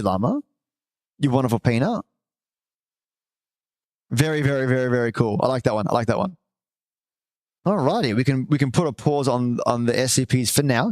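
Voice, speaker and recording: A man hosting a live stream, chatting casually and warmly with viewers and reading aloud, with the odd swear. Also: medium pitch, dry recording. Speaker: livestream host.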